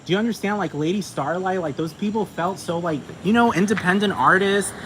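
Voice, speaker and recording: Brief: emphatic, profane male ranter, higher-pitched voice, noisy recording with traffic behind. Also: fairly quick, a bit bright. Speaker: commentator. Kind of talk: ranting monologue. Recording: noisy with vehicle sounds behind.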